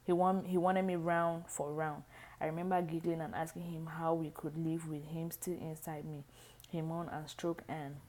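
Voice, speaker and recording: A woman reading a book aloud, halting and often restarting lines. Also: sits low, darkish tone. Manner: halting, frequent restarts and stumbles. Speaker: reader.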